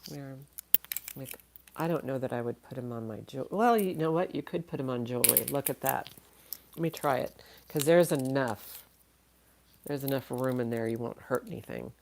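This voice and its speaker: A woman's voice: very deep voice, creaky, background noise. A woman running a casual live-stream auction, chatty and thinking aloud, laughing often and a little tired. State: tired, yawning.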